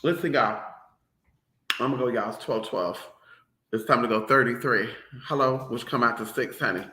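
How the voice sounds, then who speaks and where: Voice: medium pitch, normal speed, pushed and bright, reverberant. A vlogger ranting to the audience in a sassy, profane, emphatic way. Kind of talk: ranting commentary to camera.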